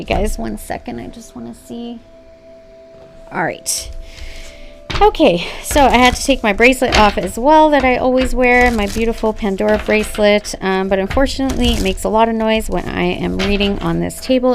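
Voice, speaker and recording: Gravelly-voiced woman reading tarot. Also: mid-range voice, moderate pace, music in the background. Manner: gushing, affirming, talks straight to viewers. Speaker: tarot reader. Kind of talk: casual spoken tarot reading. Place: home room at a reading table.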